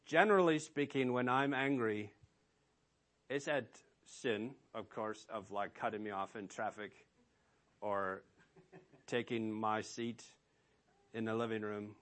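A man's voice: lowish voice, slow pace, long pauses, fairly bright tone. A man preaching a sermon as pastor, emphatic and asking rhetorical questions of his listeners.

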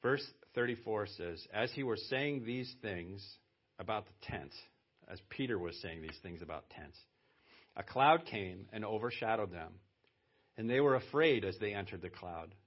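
A man's voice: fairly low pitch, lively intonation, moderate pace. A man preaching a sermon as pastor, talking conversationally and then pressing hard on key words for emphasis. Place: church. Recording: dull lo-fi church sermon audio.

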